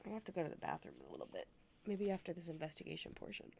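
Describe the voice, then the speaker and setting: A woman's voice: on the low side, huge pitch swings, rapid-fire, creaky, background noise. A young woman streaming a video game, chatting to viewers with laughing asides.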